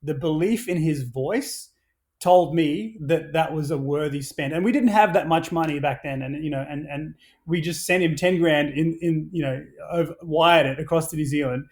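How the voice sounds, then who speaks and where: A man, a brand founder telling stories as a podcast guest, animated, swearing freely and restarting his sentences. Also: on the high side, moderate pace. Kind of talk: casual podcast conversation.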